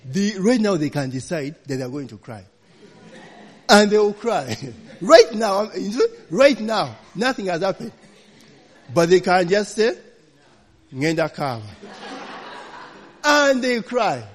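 A man's voice: sits high, sing-song, measured pace, big-room sound. A man preaching a storytelling sermon, chatty and laughing, often tagging lines with "you know, eh?".

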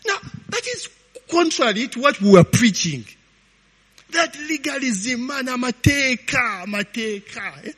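Preacher guy, husky, swoops up and down a lot, keeps saying eh?. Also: very high-pitched, a little slow. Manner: animated, peppers talk with "eh?" and laughs. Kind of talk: informal storytelling sermon. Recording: long hall reverb.

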